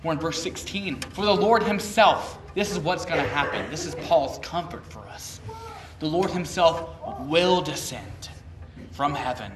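A man preaching a sermon, swinging from loud, emphatic bursts to hushed, slow lines. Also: fairly high pitch, expressive. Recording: echoey room, voice picked up from a distance.

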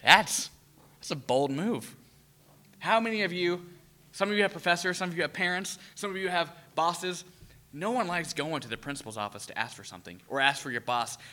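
A man preaching a sermon, animated, asking the audience questions and acting out voices. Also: a little high, a little fast.

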